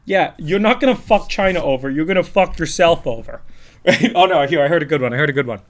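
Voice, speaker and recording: A man's voice: on the high side, lively intonation, fast talker. Profane, blunt man ranting. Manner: profane, blunt, rambling with repeated words. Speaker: streamer. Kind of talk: ranting livestream chat.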